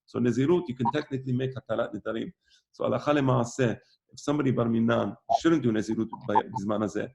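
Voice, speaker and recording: Brief: male teacher, gravelly mid-pitched voice, relaxed lecturing, repeats himself for emphasis. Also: fast, very noisy. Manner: conversational, repeats phrases for emphasis. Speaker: rabbi teaching a weekly class. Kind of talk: informal lecture.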